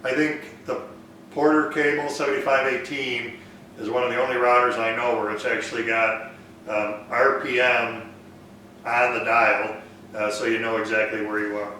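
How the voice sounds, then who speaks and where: A man with a bright, forward voice hosts a casual woodworking live Q&A, reading out viewer comments and thinking aloud between them. He sounds distant from the mic in a very echoey workshop, with a faint hiss behind him. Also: medium pitch, normal speed. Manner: relaxed, thinks aloud with fillers. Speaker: woodworking live stream host. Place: woodworking shop.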